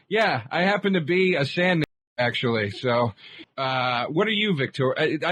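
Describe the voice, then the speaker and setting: A man's voice: on the high side, expressive, unhurried, a bit bright. A man co-hosting a comedy podcast, talking in a wry, defensive, profane way. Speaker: podcast co-host. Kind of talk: casual comedic banter.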